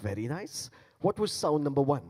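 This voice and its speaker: Playful beatboxer in an echoing hall. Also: male voice, a little high, sing-song, normal speed, darkish tone. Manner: playful, coaxing the audience to join in. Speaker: beatboxer giving a talk. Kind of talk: interactive stage talk and demonstration. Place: large conference hall. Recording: long hall reverb.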